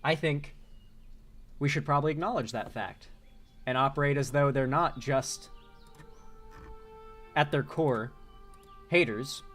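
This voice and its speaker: A man's voice: medium pitch, unhurried, long pauses, fairly bright tone, faint music behind. A man hosting a casual live-stream commentary, loose and chatty, laughing often as he reads out viewer donations.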